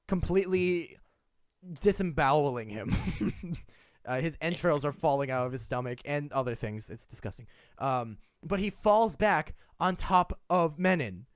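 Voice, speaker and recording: A man's voice: a little high, fairly bright tone, smooth, dry recording, clean studio sound. A man narrating a tabletop game as game master, chatty with frequent laughs and fillers.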